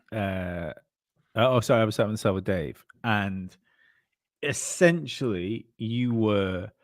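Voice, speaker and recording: Low-voiced man, rambling. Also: a little mellow, no echo, clean studio sound. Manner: rambling, filler-heavy storytelling. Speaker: co-host. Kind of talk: casual podcast chat.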